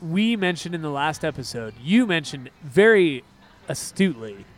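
Rambling, excitable man with a higher voice. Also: normal speed. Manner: rambling, excitable, goes off on tangents. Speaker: podcast co-host. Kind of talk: casual chat.

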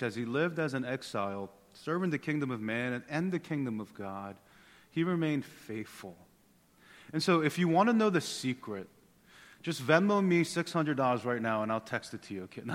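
A man in his thirties, a pastor preaching a sermon in a relaxed, joking, conversational way that often repeats words. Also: mid-range voice. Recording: long hall reverb.

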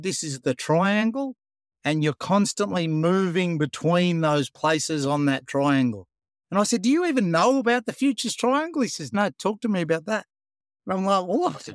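An Australian man with a slightly higher-than-usual voice tells a story in a casual interview. He speaks animatedly and acts out the conversations as he goes. The sound is close and dry. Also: no echo. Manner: animated storyteller, acts out dialogue, says "mate". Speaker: guest, program founder.

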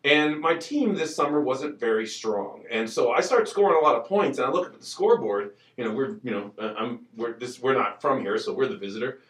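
A man in casual podcast chat, telling stories in an animated, excitable way. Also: medium pitch, a little fast, hardly any pauses, echoey room, distant mic.

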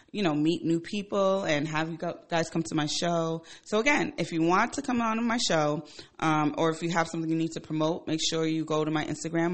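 A woman in her forties, a radio show host, telling a personal story in a casual, animated and profane way. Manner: animated and profane, with emphatic swings in pitch and loudness.

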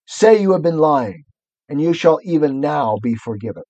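Imperious storybook witch queen read by a man, raised pitch, commanding and cruel, dry close sound. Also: animated, normal speed, warm tone, dry recording, lo-fi sound, close to an everyday voice.

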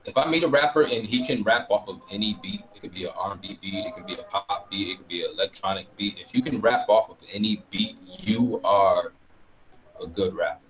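A man's voice: on the low side, fairly quick, fairly bright tone, dull audio. A man talking casually as a guest, rambling with many fillers and restarts. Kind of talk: casual chat.

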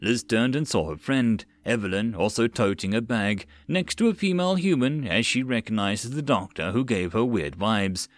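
A man narrating a web novel audiobook in a steady, plain reading voice, close to the mic. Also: lowish voice, normal speed, few pauses, no room sound.

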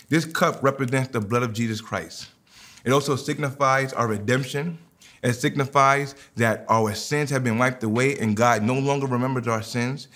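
A man preaching a sermon, leading communion and then telling a personal story with lively quoted dialogue. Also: mid-range voice, normal speed. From New York. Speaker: pastor.

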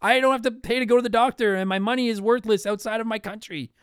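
A man's voice: extremely high pitch, fairly even intonation, fast, clear, resonant tone, dry recording, studio quality. A young man from Canada hosting a casual talk show, answering listener mail in a rambling, apologetic way with lots of restarts. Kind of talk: casual chat.

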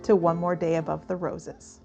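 A woman's voice: fairly low pitch, level tone, normal speed, vocal fry, music in the background. A woman co-hosting a podcast in casual chat, laughing often as she talks. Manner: giggly, breaks into laughter often. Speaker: podcast co-host.

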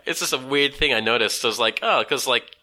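An Australian man co-hosting a casual podcast chat, animated and laughing often, acting out quotes in a high voice. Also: a little fast. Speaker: podcast co-host.

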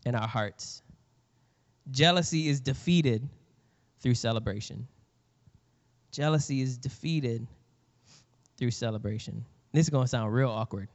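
A male pastor preaching a sermon in an earnest, conversational way. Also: a little high. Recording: reverberant hall, slightly dull sound.

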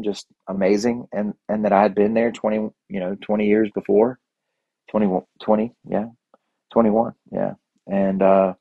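A man's voice: lowish voice, no room sound, dull audio. A man casually recounting a trip in a rambling, enthusiastic way, with frequent restarts and asides. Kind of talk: casual storytelling.

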